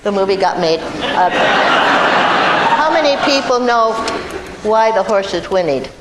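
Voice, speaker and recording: Older woman, guest storyteller at a live event. Chatty and self-amused. Echoey room, loud noise. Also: mid-range voice, expressive, unhurried. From Iowa, USA. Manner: chatty, self-amused anecdotes with frequent laughs. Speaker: guest actress at a film event. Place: large hall before an audience.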